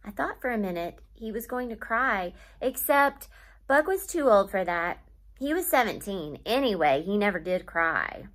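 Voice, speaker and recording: A woman teacher reading a children's novel aloud to her class, with steady storytelling and pauses to name literary devices. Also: medium pitch.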